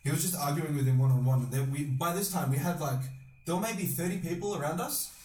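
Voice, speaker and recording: A young man hosting a podcast, telling a long rambling story with lots of swearing and loudly acted-out quotes. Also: fairly high pitch, quick pace. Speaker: podcast host. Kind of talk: casual storytelling chat. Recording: echoey room, distant mic.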